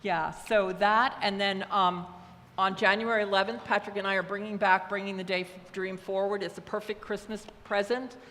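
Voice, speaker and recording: A woman's voice: mid-range voice, fairly even intonation, normal speed, fairly bright tone. An older woman who serves as a church leader, giving casual, rambling announcements full of fillers. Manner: chatty, rambling, many fillers. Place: church hall. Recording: echoey hall, faint ambience.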